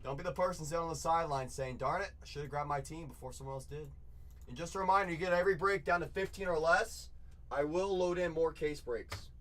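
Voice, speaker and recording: A man's voice: on the high side, fast talker, a bit bright. Guy hyping a live card break, keeps repeating himself, lots of y'all. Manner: hyped, repetitive, chatty, says y'all. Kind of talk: live-stream sales hype.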